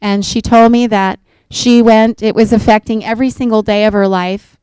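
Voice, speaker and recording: A middle-aged woman speaks earnestly to a gathered group, recounting a counseling story. Her voice is smooth and resonant, recorded dry and close. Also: fairly high pitch, steady tone, moderate pace, a little mellow, no room sound. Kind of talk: faith-based talk to an audience.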